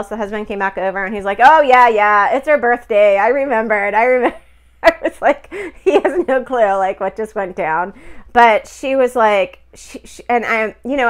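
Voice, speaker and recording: A middle-aged woman telling a personal story in a casual, chatty, emotional way, full of fillers and quoted dialogue. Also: on the high side.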